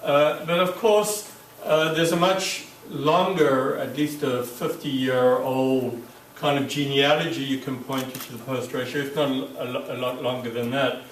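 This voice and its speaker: A man giving an academic conference talk, halting, with many fillers and restarts. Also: mid-range voice, fairly even intonation, slight background noise. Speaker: academic speaker. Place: lecture room. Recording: echoey room, mic far off.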